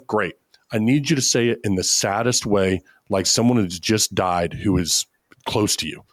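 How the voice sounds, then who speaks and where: A man's voice: on the low side, normal speed, no room sound, studio quality. A man talking as a podcast guest, giving confident coaching advice in a casual chat. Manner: confident, coaching, acts out examples. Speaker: podcast guest, media company founder.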